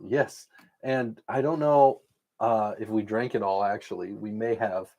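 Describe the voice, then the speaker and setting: A man's voice: lowish voice, steady tone, measured pace, muffled recording, a crowd in the background. A man from Iowa co-hosting a casual livestream chat, talking in an upbeat, rambling, enthusiastic way. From Iowa, United States. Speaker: podcast co-host.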